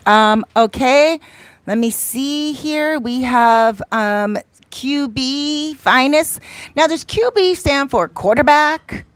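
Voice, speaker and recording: A woman's voice: sits high, animated, slow pace, no echo. A woman with an American accent, hosting a live stream in a playful, laughing manner, reading chat comments aloud.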